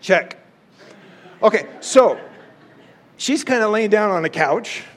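High-voiced man retelling a Bible story. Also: lively intonation, slow pace. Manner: playful, chatty, acts out quotes.

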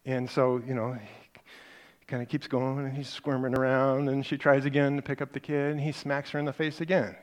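A man's voice: medium pitch, flat delivery. A middle-aged man teaching a parenting class, telling stories in a conversational way and stressing his main points with repetition. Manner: conversational storytelling with emphatic repeated points; acts out parent and child lines in quick snippets.

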